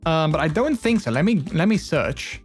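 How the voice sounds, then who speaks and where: A man's voice: fairly high pitch, sing-song, moderate pace, soft background music. A man streaming live, chatting with his viewers in a rambling, earnest way full of fillers. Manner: open and earnest. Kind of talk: casual live-stream chat.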